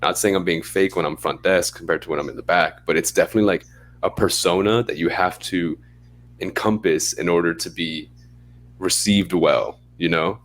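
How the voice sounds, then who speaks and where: A man co-hosting a podcast, talking in a laid-back, chatty way and now and then acting out a bright phone voice. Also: deep voice, normal speed. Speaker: podcast co-host. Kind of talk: casual chat.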